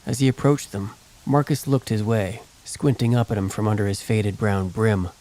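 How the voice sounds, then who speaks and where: A male narrator reads a western novel in a steady, measured way. His voice sits on the low side for a man. It is plain scripted audiobook narration. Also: rough recording.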